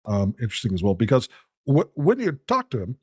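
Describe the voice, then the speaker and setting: A man's voice: mid-range voice, wildly swooping pitch, fairly quick, darkish tone, husky, dry recording, studio quality. A man with a smoker's voice, chatting animatedly as a guest on a podcast. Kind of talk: casual podcast chat.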